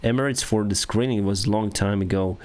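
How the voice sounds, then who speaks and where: A man in his thirties with a Ukrainian accent, an airline pilot chatting casually with viewers on a live stream in halting English. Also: fairly low pitch. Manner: halting non-native English with restarts and soft laughs.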